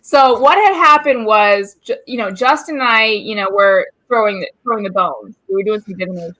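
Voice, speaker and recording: A woman's voice: mid-range voice, a little fast, a bit bright. A woman co-hosting a casual talk show from her home, telling a personal story candidly, with some swearing. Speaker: co-host of a witchcraft talk show. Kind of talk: casual chat. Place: home room.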